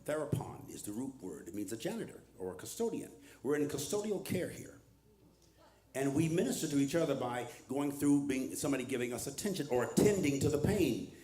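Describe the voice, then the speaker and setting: A man's voice: mid-range voice, big pitch swings, a little fast, mellow, reverberant. An older male pastor preaching a conversational sermon, mixing humor with teaching and calling out to the congregation. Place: church hall with a live congregation.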